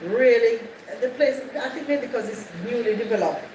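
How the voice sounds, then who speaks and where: A woman hosting a live stream, chatting with her viewers and circling back over her points. Her voice sits a bit high. It carries echo and steady background noise. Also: normal speed, recorded from a distance. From Jamaica. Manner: chatty, repeats herself, greets viewers by name. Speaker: livestream host. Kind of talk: casual live chat with viewers. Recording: echoey, off-mic, noisy background.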